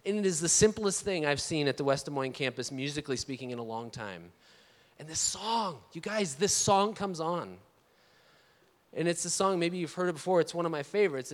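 A man in his thirties preaches with a high, bright-pitched voice, telling a personal story in an easy, animated way. He calls out for amens from the congregation. The sound rings with the long reverb of a large church auditorium. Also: normal speed. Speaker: pastor. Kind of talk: storytelling sermon.

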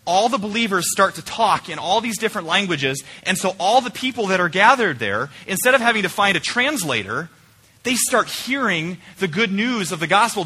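A male pastor preaching a conversational sermon in a church, swinging between emphatic points and quiet, searching questions. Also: sits high, breathy edge. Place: church sanctuary.

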